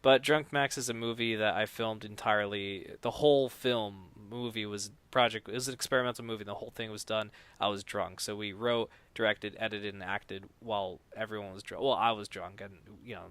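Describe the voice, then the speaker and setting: On a podcast, a no-budget filmmaker rambles about making films, restarting often and loudly performing quoted lines. His lowish voice is smooth and steady, fairly quick with hardly any pauses, and the recording is dry.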